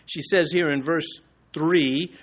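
Man preaching an expository sermon. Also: steady tone. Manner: slows and rises in pitch on quoted scripture.

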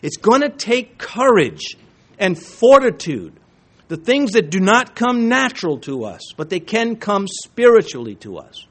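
A man preaching with a lively, swooping delivery that climbs sharply when he presses a point. His voice sits a bit above the usual male range. He drops into quiet asides, then rises again in raised exhortation. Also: high-pitched, unhurried. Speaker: pastor. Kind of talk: sermon.

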